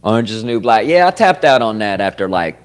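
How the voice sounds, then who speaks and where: Male podcast host, low-pitched, loose profane rambling talk. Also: sing-song, fast, smooth. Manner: profane, rambling, swings loud with sudden laughs. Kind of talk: casual chat. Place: comedy club.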